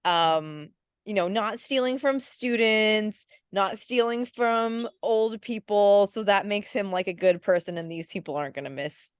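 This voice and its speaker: A woman's voice: mid-range voice, measured pace, clean tone, no echo, studio quality. A woman guest on a chat podcast, speaking reflectively with lots of fillers. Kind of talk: casual chat.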